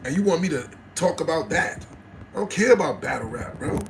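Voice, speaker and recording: Guy ranting on his livestream, middle-aged, loud and blunt, cusses a lot. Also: on the high side, animated, fairly quick, gravelly, noisy background. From New Jersey. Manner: passionate and aggressive, blunt and profane. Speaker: livestream host talking to viewers. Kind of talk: unscripted livestream rant.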